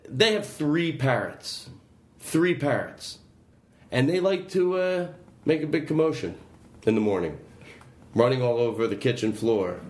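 A man's voice: mid-range voice, roomy sound. A man hosting a casual comedy podcast, rambling, swearing and laughing between tangents. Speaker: podcast host.

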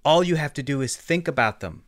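A man's voice: on the high side, lively intonation, brisk, no room sound, studio quality. A man co-hosting a podcast in casual, enthusiastic chat. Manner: enthusiastic, effusive. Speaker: podcast co-host.

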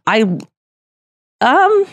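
A woman's voice: extremely high pitch, sing-song, drawn-out words, no echo. A woman co-hosting a podcast, chatting casually and telling stories in a rambling way that often breaks off and restarts mid-sentence. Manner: rambling, self-interrupting storyteller. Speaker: podcast co-host. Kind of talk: casual chat.

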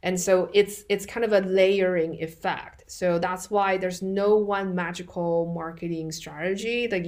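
A woman hosting a podcast, giving direct, practical business advice in a conversational way. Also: on the low side. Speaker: podcast host.

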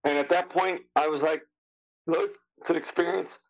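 On a muffled recording, this fifties-aged actor guest speaks at a normal pace with a creaky, higher-leaning voice. His storytelling is casual and anecdotal, full of lively impressions of others' words and loose swearing.

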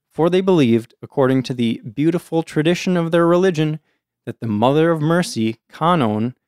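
A man's voice: medium pitch, darkish tone, clear, resonant tone, no room sound, clean studio sound. A man hosting a casual show, reading a folktale aloud and breaking off for chatty asides to his co-host. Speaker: storyteller host.

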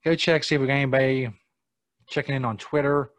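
A man's voice: mid-range voice, steady tone, quick pace, dry recording. Male host, profane casual rant, mid-range voice, dry studio sound. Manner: exasperated, swears a lot, rants at absent callers. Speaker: podcast host.

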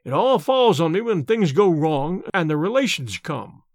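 A man doing a fretful wrinkled old manservant, high and anxious. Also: very animated, normal speed, dry recording, studio quality. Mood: anxious, confiding. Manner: rustic servant's grammar, anxious and deferential.

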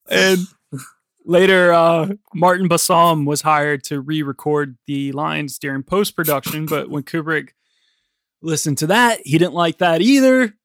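Man host, casual film chat, higher voice, dry close sound, laughs a lot. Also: fairly bright tone, no room sound. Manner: chatty, laughs often, swears casually. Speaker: podcast host.

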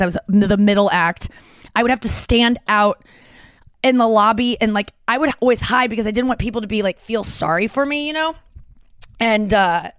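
A woman's voice: mid-range voice, smooth, dry recording. A woman in her thirties, a comedian hosting a podcast, telling a long rambling story, swearing freely and acting out quotes.

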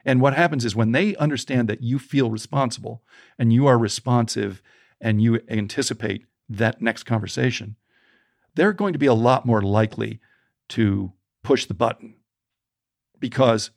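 Gravelly man telling a story. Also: medium pitch, measured pace, no echo, studio quality. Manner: animated, vivid storyteller. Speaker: guest, storytelling coach. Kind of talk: personal storytelling in an interview.

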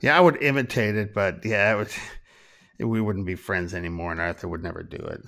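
Gravelly low-voiced man, dry humor. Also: steady tone, normal speed, fairly bright tone. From Minnesota. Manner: dry, self-deprecating humor. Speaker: podcast guest, photographer. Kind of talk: casual interview chat.

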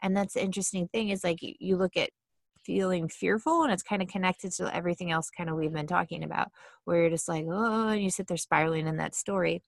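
A woman giving a casual mindfulness talk, chatty and quick to act out inner thoughts in little voices. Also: lowish voice, steady tone, creaky, no room sound, clean studio sound. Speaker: mindfulness speaker.

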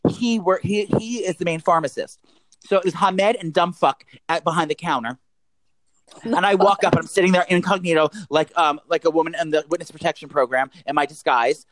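A man's voice: a little high, brisk, no room sound. A man telling a rambling, profane story as a podcast co-host. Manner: rambling, profane, animated retelling. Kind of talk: casual storytelling chat.

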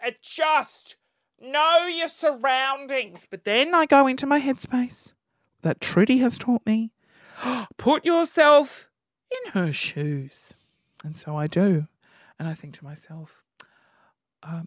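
A man's voice: extremely high pitch, a little slow, dry recording, studio quality. A young man ranting comically to camera, acting out little scenes in other people's voices. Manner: animated, mimics people in acted-out quotes. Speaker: vlogger.

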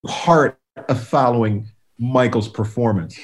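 A man, a guest music producer, telling stories in a relaxed interview, animated and full of restarts. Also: medium pitch, measured pace. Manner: animated storyteller, many restarts, acts out quotes.

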